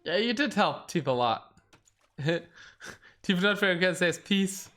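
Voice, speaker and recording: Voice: mid-range voice, animated, measured pace, a bit bright. A game stream caster giving casual live commentary, thinking aloud and reacting to the play at a desk mic.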